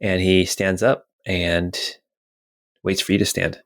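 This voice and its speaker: A man's voice: deep voice, level tone, slow, gravelly, fairly bright tone. A man narrating a tabletop game as game master in a casual, rambling way with many fillers.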